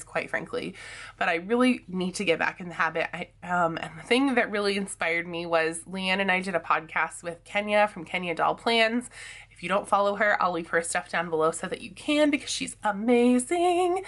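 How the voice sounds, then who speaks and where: A young woman in casual chat mode, her voice raspy and still groggy from just waking up. She rambles chattily and laughs often as she talks to her viewers. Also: medium pitch, fairly bright tone. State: groggy morning voice. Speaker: planner vlogger.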